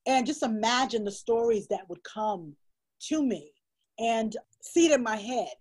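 A woman's voice: on the high side, animated, unhurried, darkish tone, slightly rough, low-quality recording. A woman speaking as an illustrator and storyteller guest in an interview, talking with heartfelt emphasis and repeating phrases for stress.

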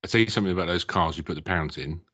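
A man's voice: deep voice, racing, fairly bright tone. A man, a podcast guest, chatting casually and dropping dry jokes. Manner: dry, jokey quips. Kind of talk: casual chat.

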